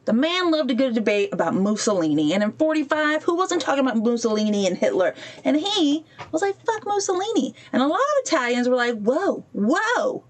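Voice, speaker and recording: While playing a game on a livestream, a woman hosting a podcast tells a story in a chatty, digressive way. She breaks off to fix her stream and briefly acts out the people she quotes. Her voice is on the high side and sing-song, and she talks fast with few pauses.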